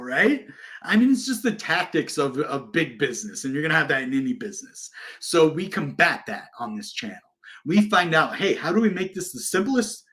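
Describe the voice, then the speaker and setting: A man hosting a crypto channel who talks to viewers in a casual, passionate way, often jumping from loud bursts to quiet asides. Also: a little high. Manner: excited, passionate, swings between loud and quiet. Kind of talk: casual livestream talk.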